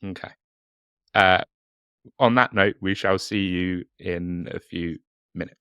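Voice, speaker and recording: A low-voiced man with a southern English accent who talks slowly and laughs easily while co-hosting a podcast. His tone is bright and forward, and the dry recording has no room sound. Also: fairly even intonation, clear, resonant tone, no echo, lo-fi sound. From England. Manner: jokey, laughs often. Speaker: podcast co-host. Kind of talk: casual chat.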